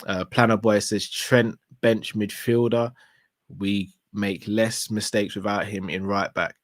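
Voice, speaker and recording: A fairly low-voiced man chats casually on a live stream, reading viewer messages and giving easy shout-outs. The sound is dry and close. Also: a little slow, no room sound. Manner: relaxed, slangy, shouts out viewers.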